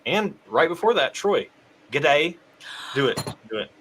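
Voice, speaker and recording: A man's voice: a little high, very animated, normal speed, a bit bright, a little hiss or hum, poor audio. A man with a Southern US accent hosting a casual live stream and reading out viewer comments. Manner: upbeat, reads out viewer comments. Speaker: host.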